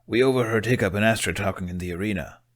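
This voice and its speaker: A man's voice: lowish voice, quick pace, natural voice. A man voicing a theatrical, sly young male Viking twin.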